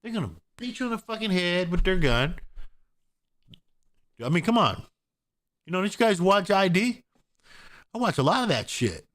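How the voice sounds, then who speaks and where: A man's voice: high-pitched, fairly bright tone. A man from Oregon giving a casual vlog rant in a blunt, profane, repetitive way. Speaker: gun owner vlogger.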